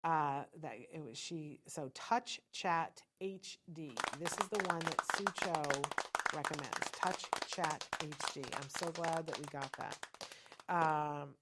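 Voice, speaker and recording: A woman's voice: sits low, slow, heavy background noise. A middle-aged woman hosting a live-stream podcast, chatting with viewers in an encouraging way. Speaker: podcast host.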